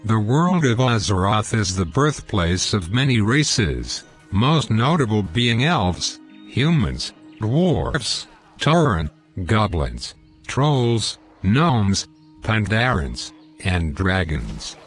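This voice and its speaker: A man narrating a game walkthrough, deliberately reading out lore and in-game quotes. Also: lowish voice, big pitch swings, faint music behind. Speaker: gameplay commentator.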